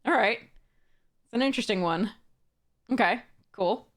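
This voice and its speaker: A woman's voice: on the high side, moderate pace, a bit bright. A woman hosting a casual box-opening video, reading card text aloud, chuckling often and restarting her sentences. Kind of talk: casual unboxing narration.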